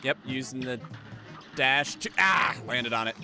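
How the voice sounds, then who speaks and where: A man streaming a video game live, thanking viewers and talking through his tactics, with frequent swearing and excited outbursts. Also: mid-range voice, a little slow, creaky. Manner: excitable, swears often, thinks aloud about tactics. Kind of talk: live gameplay commentary.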